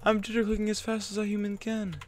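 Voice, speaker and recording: A young man commentating his own game, excitable and swearing, with bursts of loud disbelief, on a headset mic at his computer. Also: high voice, quick pace. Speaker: gaming channel host. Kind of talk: Let's Play commentary.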